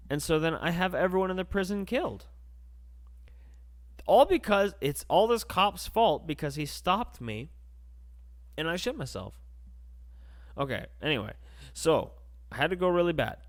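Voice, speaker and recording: A young man hosting a podcast, telling a crude comedic story and acting out the voices. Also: on the high side. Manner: animated, crude, acts out voices. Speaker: podcast host.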